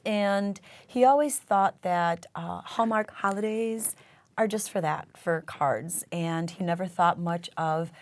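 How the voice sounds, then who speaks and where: A woman's voice: on the low side, takes it slowly. A woman in her forties co-hosting a casual talk show, telling stories in a gushing, emotional way. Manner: gushing, emotional, warm storytelling. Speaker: co-host.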